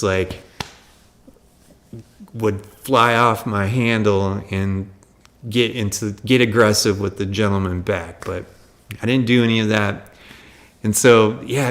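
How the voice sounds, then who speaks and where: A middle-aged man hosting a livestream, telling a story in a casual, animated, exasperated way, laughing between points. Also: on the low side. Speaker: livestream host.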